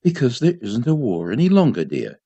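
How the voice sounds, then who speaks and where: A man reading a storybook, voicing a patient young mother who speaks softly and soothingly. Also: medium pitch, wildly swooping pitch, normal speed, husky, full character voice. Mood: gentle. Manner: soft, hushed and soothing. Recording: dull lo-fi community radio.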